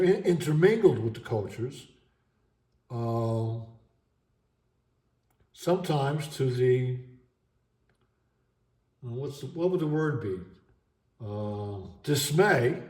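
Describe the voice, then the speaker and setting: Middle-aged male vlogger, halting and emotional delivery, mellow tone, recorded in an echoey room at home. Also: mid-range voice. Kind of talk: unscripted monologue vlog.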